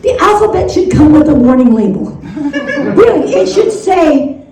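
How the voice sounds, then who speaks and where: A woman's voice: high-pitched, very animated, normal speed, a crowd in the background. Older woman comic, self-deprecating, very echoey stage from afar. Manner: self-deprecating, laughing through her jokes. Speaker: stand-up comedian. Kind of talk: stand-up comedy set. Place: stage in a room. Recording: echoey room, mic far off.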